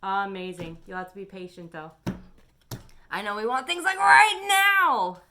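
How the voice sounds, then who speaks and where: A woman tarot reader speaks straight to her camera, giving a weekly energy forecast. Her voice is bright and her talk is chatty and encouraging. She sounds animated and warmly supportive. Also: mid-range voice, moderate pace. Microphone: camera on her face.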